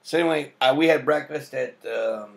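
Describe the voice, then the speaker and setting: A man's voice: mid-range voice, normal speed, vocal fry. A young adult man telling a rambling story in a casual vlog, full of fillers and laughs. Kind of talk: rambling personal vlog monologue.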